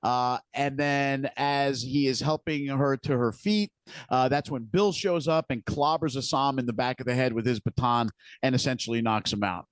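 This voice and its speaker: A man's voice: mid-range voice, steady tone, normal speed, no room sound. A man co-hosting a podcast, retelling scenes from a TV episode in a casual, detailed way. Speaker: podcast co-host. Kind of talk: casual recap chat.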